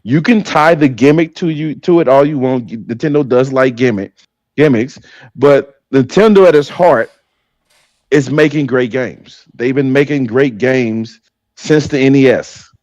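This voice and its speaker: A male co-host on a casual gaming podcast with a middle-pitched voice and a dry, close sound. He breaks into stammering, disbelieving rants. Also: a little slow, darkish tone, no room sound.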